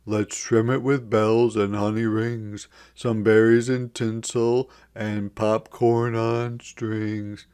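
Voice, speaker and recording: A man's voice: lowish voice, level tone, takes it slowly, hardly any pauses, darkish tone, clear, resonant tone. A man voicing a drowsy, cheerful father bear in a storybook read-aloud.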